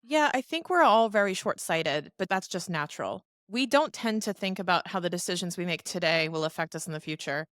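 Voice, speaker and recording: A woman in her thirties, a finance professional guesting on a podcast, telling stories in a lively, chatty way. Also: on the low side, a little fast, hardly any pauses, no echo, studio quality. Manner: animated storyteller who acts out quoted voices. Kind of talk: casual interview talk.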